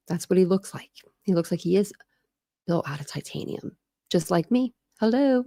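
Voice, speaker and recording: A woman's voice: on the low side, animated, normal speed, vocal fry, pauses often, warm tone, no room sound, studio quality. A woman from Ohio hosting a casual true crime live stream, rambling, laughing often and answering chat comments. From Ohio, USA.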